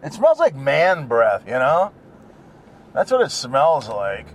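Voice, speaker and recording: A man's voice: medium pitch, huge pitch swings, measured pace, a little hiss or hum. A middle-aged man chatting casually while driving, rambling from topic to topic and grumbling at other drivers. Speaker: vlogger. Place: in a car.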